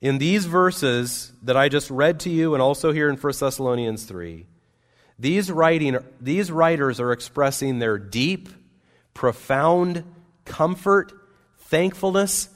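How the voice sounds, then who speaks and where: A man preaching a sermon as pastor, earnest and emphatic, with wide swings between loud and soft. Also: mid-range voice, animated, measured pace. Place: church sanctuary. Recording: long reverb of a church hall.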